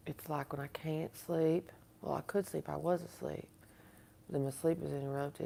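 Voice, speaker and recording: A woman with a low, gravelly voice chats loosely on a home livestream, slipping into a put-on Southern US accent. She rambles, laughs often, and speaks into a device camera from her apartment. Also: steady tone, normal speed, dark tone, slight background noise. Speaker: livestream host. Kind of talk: casual livestream chat.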